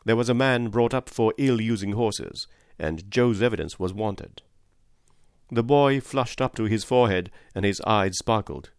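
A man with a low voice reads a classic story aloud in a steady, measured way. The recording is close and dry, with no room sound around him. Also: clean tone, dry recording. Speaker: audiobook narrator. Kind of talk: scripted narration.

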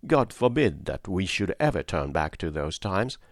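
Steadfast working-class wife voiced by a male reader, slow and firm, dry sound. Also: deep voice, sing-song, no echo. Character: devoted cabman's wife, firm and gentle.

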